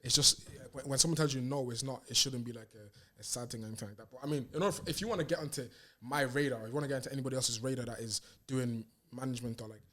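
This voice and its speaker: Bright, quick-talking male podcast guest. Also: mid-range voice. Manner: earnest and motivational, many restarts and "do you get me". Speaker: podcast guest, music manager. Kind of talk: casual chat.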